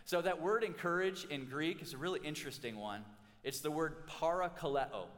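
Animated pastor preaching in a reverberant hall. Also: male voice, a little high, moderate pace. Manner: animated storytelling with humor and restarts. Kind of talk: sermon.

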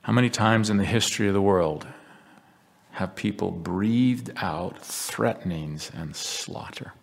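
A deep-voiced man with a gravelly, husky tone gives a slow, earnest devotional talk. His voice rings with the long reverb of a large hall. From United States. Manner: reflective, earnest storytelling with scripture readings. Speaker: religious speaker.

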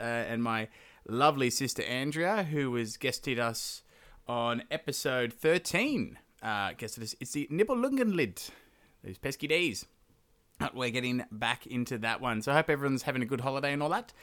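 A man's voice: mid-range voice, a bit bright. A male podcast host casually retelling an old legend on his own, chatty and irreverent, with plenty of filler "uh"s. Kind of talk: casual solo storytelling.

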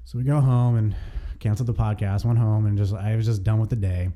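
Male podcast co-host, deep mellow tone, loose chatty storyteller. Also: fairly even intonation, brisk. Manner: rambling storyteller, frequent "like". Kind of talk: casual chat.

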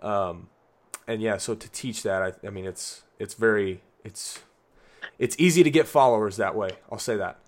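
A young man co-hosting a casual talk about faith, earnest and relaxed, saying "like" often. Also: lowish voice, normal speed. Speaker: podcast co-host.

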